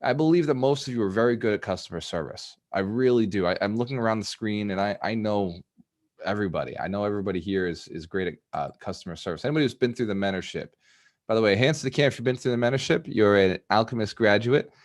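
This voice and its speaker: A man's voice: on the low side, fast talker. Casting: upbeat male mentor hosting a live video call, coaching his group with drive. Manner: energetic, motivational, laughs often. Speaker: host and business mentor.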